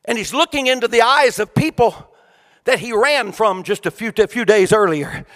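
A male preacher with a high, ringing voice delivers his sermon in a rolling, sing-song cadence. He climbs to shouted peaks, then sinks to near-whispered lines. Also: moderate pace, in a large hall. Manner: swings from shouted peaks to hushed quiet delivery.

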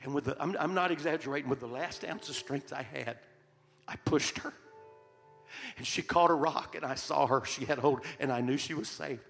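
A fairly high, gravelly voice belongs to an older male preacher telling a personal story from the pulpit. His sermon is heartfelt and earnest. His words ring with long hall reverb over faint instrumental music. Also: moderate pace, a bit bright. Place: church sanctuary.

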